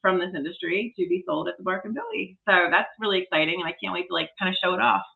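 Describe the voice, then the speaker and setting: A woman's voice: lowish voice, fast talker, gravelly, phone-quality sound. A woman in her forties, a podcast guest, telling a story in casual, enthusiastic chat.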